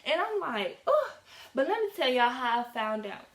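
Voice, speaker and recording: A teenage girl telling a casual storytime in a lively, slangy way, acting out the dialogue as she goes. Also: high voice, moderate pace. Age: teens. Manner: animated, slangy, acts out quoted dialogue. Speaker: vlogger. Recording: echoey room.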